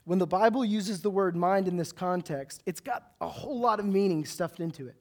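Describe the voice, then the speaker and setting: A young adult man preaching a sermon with a loud, big voice, telling stories with animated, self-mocking humor. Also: sits high, fairly quick.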